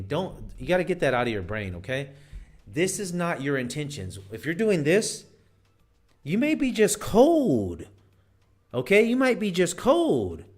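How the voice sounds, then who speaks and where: A man talks straight to camera, handing out dating advice in a loose, unscripted way. He is emphatic but keeps circling back and restarting his sentences. His pitch sits in a middle range. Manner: rambling and emphatic, frequent fillers and restarts. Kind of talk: casual advice monologue.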